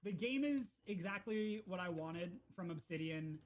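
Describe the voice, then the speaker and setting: A man co-hosting a casual podcast, retelling his video game exploits with lively acted-out dialogue. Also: high-pitched, a little slow. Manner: animated storyteller, acts out game characters' lines. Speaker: podcast co-host. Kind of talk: casual gaming chat.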